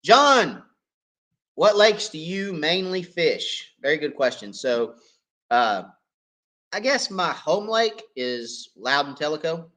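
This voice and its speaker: A man hosting a live fishing Q&A, hoarse and coughing as he loses his voice, talking in a folksy, chatty way and checking in with viewers. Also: fairly high pitch, sing-song, takes it slowly, fairly bright tone. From East Tennessee. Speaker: fishing channel host. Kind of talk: live Q&A chat.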